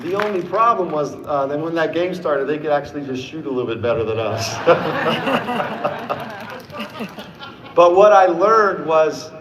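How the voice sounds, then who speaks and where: A man's voice: a little high, animated, measured pace, pauses often, crowd noise, background noise. A man in his fifties, a company CEO giving a motivational sales speech on stage, telling stories and acting out the dialogue. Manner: storytelling, acting out quoted dialogue. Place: stage in a large event hall. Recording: echoey hall sound.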